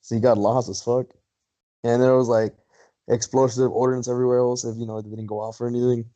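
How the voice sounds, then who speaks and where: A man's voice: medium pitch, little pitch movement, quick pace, warm tone, muffled recording. A man on a podcast telling a long story, rambling and swearing, laughing often. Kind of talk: casual chat.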